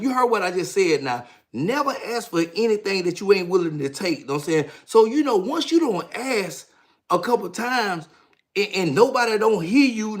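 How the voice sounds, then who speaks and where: A man in his fifties from Georgia with a Southern accent, hosting a casual livestream and telling stories in slangy, hyped talk. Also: sits high. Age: 50s. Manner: hyped, slangy, repeats "know what I'm saying". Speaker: livestream host, author.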